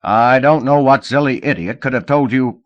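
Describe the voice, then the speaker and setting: A man's voice: mid-range voice, very animated, slow, no echo, dull audio, pitched above the performer's own voice. A man voicing an indignant, angry male cabaret manager who barks his lines. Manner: shouting, indignant.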